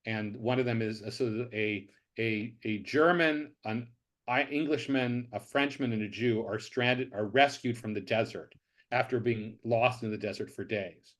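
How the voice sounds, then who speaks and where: Brief: male guest, professor, mid-pitched voice, halting starts, then easy storytelling. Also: a bit bright. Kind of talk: casual conversation, telling jokes.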